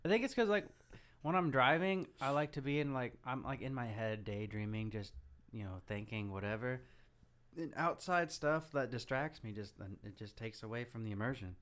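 A man's voice: mid-range voice, normal speed, a bit bright. A young man co-hosting a podcast, rambling casually with lots of filler words. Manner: rambling, heavy use of "like". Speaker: podcast co-host. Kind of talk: casual chat.

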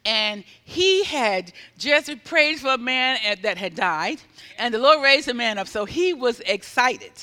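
A man with a strikingly high, very bright voice delivers sermon storytelling, animatedly acting out what people said and building up to loud exhortation. A long reverb from a large hall carries his voice.

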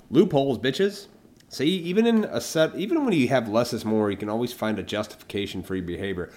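Male podcast host, profane, mocking, pitch jumping all over, solo rant. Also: expressive, darkish tone. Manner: profane, mocking, acts out imagined people in quick voices.

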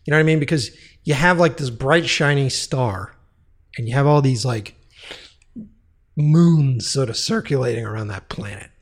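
A man's voice: medium pitch, normal speed. A man telling a long casual story, profane and rambling, with frequent restarts.

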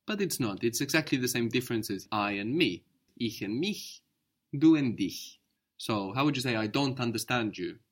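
A man's voice: mid-range voice, animated, normal speed. A man teaching a spoken language lesson, patiently explaining and modeling each word carefully.

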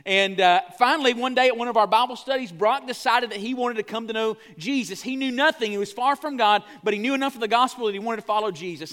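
A man preaching a sermon as pastor, earnest and speaking straight to his church, slowing down on key phrases. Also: sits high, a bit bright. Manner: earnest, addresses the congregation directly.

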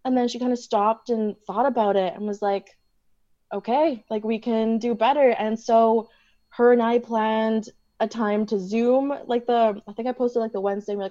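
A woman's voice: fairly high pitch, fairly even intonation, a little slow, warm tone, muffled recording. A woman from Canada, a podcast guest telling her story animatedly and laughing often. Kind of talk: casual storytelling in a podcast interview.

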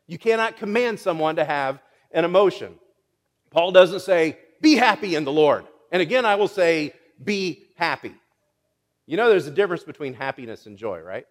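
A male pastor with a notably high voice delivers a sermon in a church, joking with the congregation and stumbling into repeated words as he goes. His voice rings with the long reverb of a large sanctuary. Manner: playful, teases the congregation.

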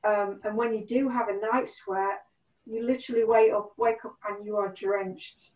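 A middle-aged woman telling stories in a casual chat, animated, acting out what people said. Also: mid-range voice, normal speed. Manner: animated storyteller, acts out quotes. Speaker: guest. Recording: distant, roomy, dull sound.

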